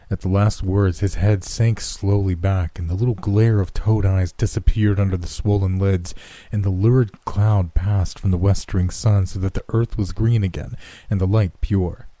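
A man narrating a gothic horror story in a measured, slow storytelling manner. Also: low-pitched, steady tone, mellow, no room sound.

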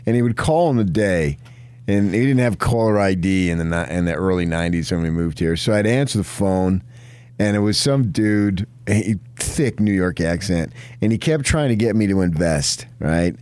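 Middle-aged man from New Jersey, very deep voice, dry close mic, rambling storyteller co-host. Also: normal speed, darkish tone, no room sound. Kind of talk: casual chat.

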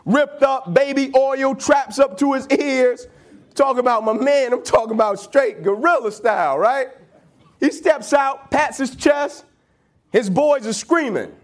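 A man telling a motivational story in an animated, slangy, conversational way. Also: very high voice.

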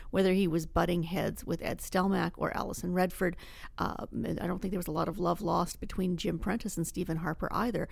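A woman's voice: on the low side, vocal fry, dry recording. A woman columnist giving thoughtful, analytical points in a studio panel discussion. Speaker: city columnist. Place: newsroom studio.

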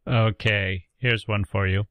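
Low-voiced man reading book endings aloud. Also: steady tone, measured pace, a bit bright, clear, resonant tone, no echo. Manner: thoughtful, with fillers like "uh" and "I mean". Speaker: podcast co-host. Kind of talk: casual literary chat with read-aloud passages.

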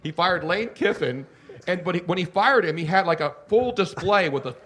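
A man's voice: high voice, expressive, normal speed, a bit bright. A man hosting a live podcast on a theatre stage, chatting and rambling, often laughing as he tells stories. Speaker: podcast host. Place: comedy theatre stage in front of a live audience. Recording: live audience heard in the room.

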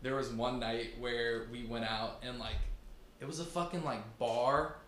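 A man's voice: mid-range voice, fairly even intonation, unhurried, a bit bright. A young man from Virginia, a podcast guest, chatting casually and loosely with many fillers and frequent laughs. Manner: laid-back, many "like" fillers, laughs often. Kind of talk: casual chat. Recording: echoey room, faint background hum.

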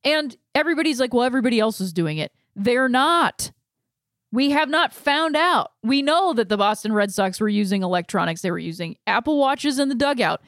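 A woman hosting a talk show, delivering a casual, impassioned rant with frequent fillers and self-interruptions, swinging between heated outbursts and quiet disgust. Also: sits high, expressive, normal speed, no room sound, clean studio sound. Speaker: podcast host. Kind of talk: casual ranting monologue.

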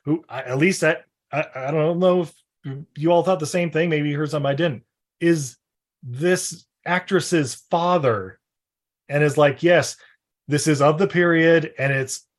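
A man hosting a casual film podcast, telling stories animatedly and acting out quotes with self-deprecating humor. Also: a little high. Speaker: podcast host.

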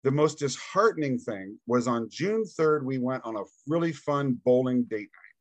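Man, podcast guest, casual storytelling, animated, mid-pitched voice, dry close sound. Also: moderate pace, dry recording, lo-fi sound. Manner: animated, acts out quoted dialogue; casual, says "dude".

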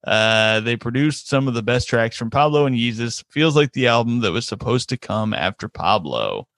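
A man's voice: medium pitch, animated, moderate pace, a bit bright, no room sound, clean studio sound. A man hosting a casual podcast chat who laughs often, swears freely and reads listener comments aloud. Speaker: podcast host.

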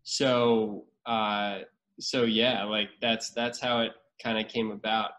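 A man's voice: fairly low pitch, level tone, slow, fairly bright tone, low-quality recording. Rambling man telling stories. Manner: rambling storyteller with many restarts. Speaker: actor and podcast guest. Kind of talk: casual chat.

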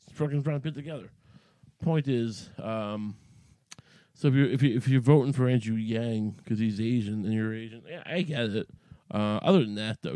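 A man's voice: medium pitch, warm tone, no room sound. A man hosting a podcast, talking in a rambling, profane monologue full of restarts and asides. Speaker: podcast host.

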